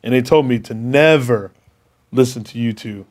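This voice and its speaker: A man co-hosting a podcast in casual chat, agreeable and filling in with steady yeahs. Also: mid-range voice, moderate pace. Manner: agreeable, fills in with "yeah". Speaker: podcast co-host.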